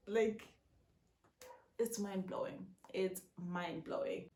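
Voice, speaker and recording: A young woman in her twenties with a South African accent, telling a story in an excitable, chatty vlog style at home. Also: mid-range voice, measured pace. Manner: excitable, many fillers like "yo, guys". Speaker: vlogger. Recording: roomy echo.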